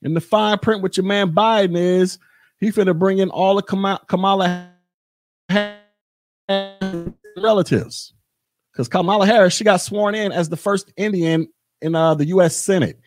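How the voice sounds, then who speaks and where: A man's voice: high voice, fairly even intonation, normal speed, long pauses, soft background music. A podcast host, a man, delivering a blunt, repetitive political rant in a monologue. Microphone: podcast mic.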